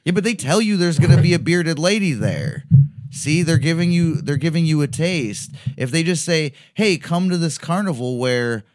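A man's voice: on the high side, normal speed. A man co-hosting a podcast in a recording studio, chatting casually and acting out the voices he quotes. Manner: animated, acts out quoted voices. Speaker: podcast co-host. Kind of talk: casual chat.

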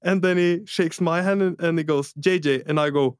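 A man co-hosting a podcast, telling an anecdote in a lively, laughing way. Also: on the high side, moderate pace, smooth, no room sound, clean studio sound. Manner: animated, laughs through his own story. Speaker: podcast co-host. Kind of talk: casual podcast storytelling.

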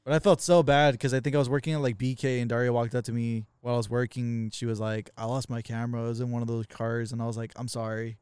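A man's voice: medium pitch, quick pace, hardly any pauses, clear, resonant tone, dry recording. A man co-hosting a podcast, telling stories in casual chat, swearing a lot and acting out what people said. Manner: swears a lot, animated retelling with quoted voices. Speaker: podcast co-host.

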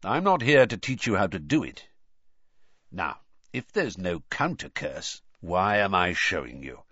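A man voicing a grizzled old wizard, gruff, emphatic, low, dull dry recording. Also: very animated, unhurried, sharp tone, dry recording, heavily acted. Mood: stern lecturing. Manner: barking, drilling, emphatic. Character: gruff scarred old male wizard teacher.

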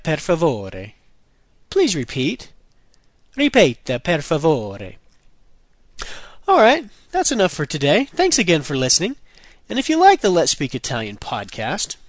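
A man hosting a language podcast, teaching phrases and slowly repeating each one with careful pronunciation. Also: fairly high pitch, no echo. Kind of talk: scripted language lesson.

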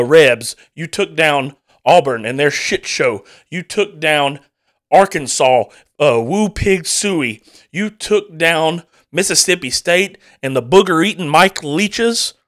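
A man's voice: on the high side, a bit bright. A man hosting a sports podcast, venting in a fired-up, profane solo rant full of restarts.

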